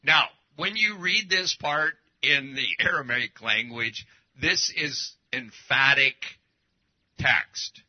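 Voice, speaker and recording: A man's voice: medium pitch, slow, highs cut off. A man preaching a sermon as pastor, emphatic, with pointed rhetorical questions to the congregation.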